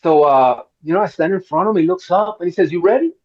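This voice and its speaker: A middle-aged man from Miami, fairly high-pitched, spins a long story at a roundtable and slips into the voices of the people in it. The sound is a little dull and lo-fi. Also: quick pace. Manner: animated storyteller, acts out quotes. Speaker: actor guest.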